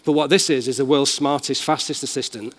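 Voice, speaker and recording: Delivering a conference keynote, a Mancunian man runs a live tech demo with casual enthusiasm in a big hall. He speaks a little fast in a steady, mid-range voice, and the sound carries a long reverb from the room.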